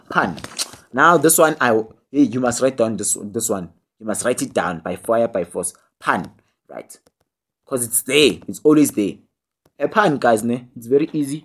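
A young man with a lowish voice and a South African accent runs a casual poetry tutorial online. He fills his talk with fillers and tag questions, joking around and scolding his students as he goes.

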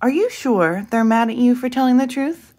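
A woman voicing a gentle, patient mother in a storybook, speaking softly and soothingly. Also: on the high side, animated, moderate pace, voice pushed up, natural voice.

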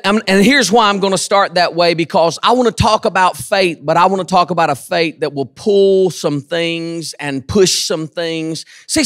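A man preaching a sermon in church, telling a folksy story and building to shouted emphasis. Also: high-pitched, dry recording, studio quality. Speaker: pastor.

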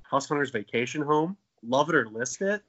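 On a muffled recording, this twentysomething podcast co-host talks at a normal speed with a fairly bright tone and lively intonation. His casual comedy show is full of jokes and profanity, and he often bursts into goofy high voices.

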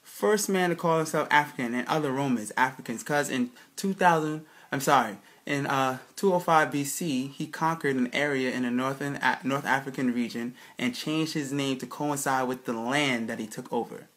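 A man talks through a slide presentation in a mid-pitched voice. He is emphatic and keeps firing rhetorical questions at his listeners. He often restarts sentences as he goes. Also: normal speed, hardly any pauses, a bit bright. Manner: emphatic, keeps asking "right, people?". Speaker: presenter giving a slide lecture. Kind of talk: casual spoken lecture to viewers.

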